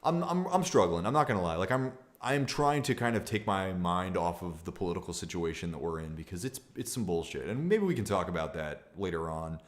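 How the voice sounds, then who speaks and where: A young man with a very low voice chats candidly on a livestream, circling back on himself with restarts and fillers. He talks loosely and openly, like thinking out loud. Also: animated, a little fast, few pauses. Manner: reads viewer comments aloud. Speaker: streamer. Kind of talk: casual livestream talk.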